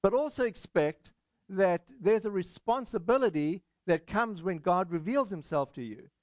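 A pastor giving a sermon, measured and encouraging, pausing often with "uh". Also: male voice, high-pitched, animated, a little mellow, no echo, muffled recording. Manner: measured, many "uh" fillers, encouraging.

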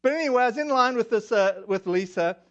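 With an extremely high, expressive voice, a South African preacher talks fast through a sermon built around personal stories. He speaks in a South African accent, stays chatty and self-deprecating with lots of fillers, and the recording is dull and lo-fi.

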